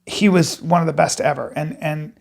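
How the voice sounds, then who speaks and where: A man who is a comedian, chatting casually on a podcast and telling a profane, excitable story. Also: fairly high pitch, normal speed, creaky.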